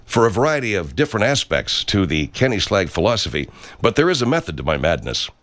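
Pompous low-voiced man reading promos. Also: very animated, quick pace, a bit bright, no echo. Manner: pompous, self-important. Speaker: self-help radio personality recording promos. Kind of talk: improvised comedy sketch.

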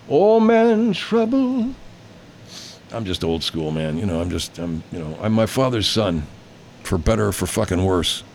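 A man's voice: on the low side, slight background noise. A middle-aged man in a rambling, profane, casual reaction vlog, mocking himself as he goes.

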